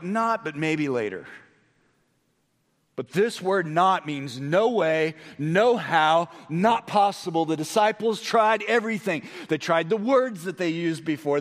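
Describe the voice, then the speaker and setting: Dynamic male preacher in a reverberant hall. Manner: swings between hushed, low storytelling and raised, excited emphasis. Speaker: pastor. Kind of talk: sermon.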